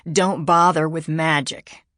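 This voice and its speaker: A woman's voice: sits low, steady tone, slow pace, a bit bright, no echo, clean studio sound. A woman narrator voicing a wisecracking young male American agent with a teasing, sarcastic manner.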